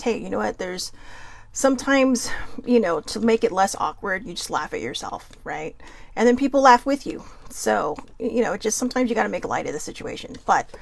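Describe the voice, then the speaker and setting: Woman host of a live card reading; giggly, off-topic, profane, gravelly. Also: on the high side, dry recording. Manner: giggly, chatty, swears freely, goes off topic.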